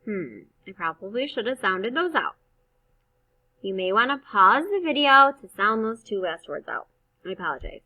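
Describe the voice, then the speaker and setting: A woman teaching first graders to read, slowly stretching out the sounds of each word in an encouraging teacher voice. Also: mid-range voice, very animated, distant mic. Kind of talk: slow phonics reading lesson. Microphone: computer mic on a screen-shared video. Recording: slightly dull, lo-fi sound.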